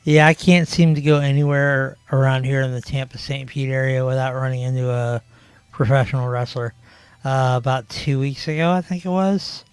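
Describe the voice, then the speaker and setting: A man's voice: medium pitch, steady tone, normal speed, clean tone, no echo. A man in his forties hosting a podcast, telling rambling stories in casual chat with lots of fillers. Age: 40s. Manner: rambling, filler-heavy storytelling. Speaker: podcast host.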